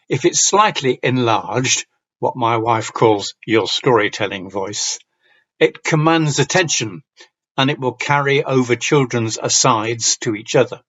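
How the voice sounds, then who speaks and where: A man from Yorkshire with a Yorkshire accent, giving a conference talk on reading aloud with clear diction and a slight storytelling lilt. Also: mid-range voice, fairly bright tone, dull audio. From Yorkshire, northern England. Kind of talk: lecture with read-aloud examples.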